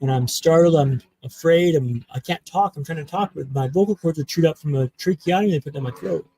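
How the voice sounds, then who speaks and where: A man from Canada tells his life story as a podcast guest, building each beat with dramatic pauses. His voice sits a little high for a man but is gravelly and mellow. The recording is close and dry, with no room around it. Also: low-quality recording. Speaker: guest speaker.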